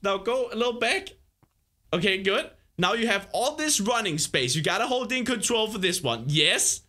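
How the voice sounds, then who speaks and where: Animated young man coaching a gamer. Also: sits high, moderate pace. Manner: excitable and animated, laughs often, coaches patiently. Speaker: gaming host. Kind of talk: gaming commentary, coaching a player.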